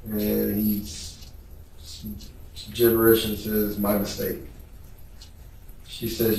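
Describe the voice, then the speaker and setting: A man testifying in court, reading text messages aloud in a measured, flat way. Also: fairly low pitch, gravelly, slight background noise. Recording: echoey room, voice picked up from a distance.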